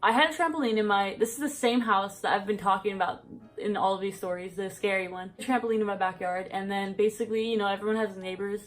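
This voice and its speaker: A woman's voice: mid-range voice, steady tone, fast talker, soft background music. A young woman telling a story on her vlog in casual chat, rambling with lots of fillers and a bit out of breath. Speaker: vlogger.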